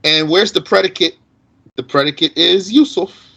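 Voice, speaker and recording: A man teaching Arabic grammar in an explanatory lesson, asking rhetorical questions and reciting Arabic quickly. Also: high-pitched, gravelly, pushed and bright, low-quality recording.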